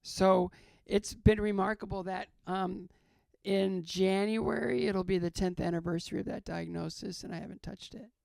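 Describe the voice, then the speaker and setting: An older man, a guest in an interview, talking earnestly about faith, halting and repeating his phrases. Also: sits high, fairly even intonation, vocal fry, a little mellow, clear, resonant tone, no echo, studio quality. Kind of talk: reflective faith talk in an interview.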